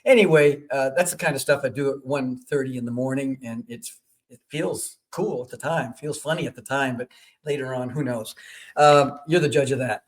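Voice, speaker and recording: A man's voice: medium pitch, normal speed. A man hosting a radio talk show who promotes his projects in a rambling, self-interrupting way.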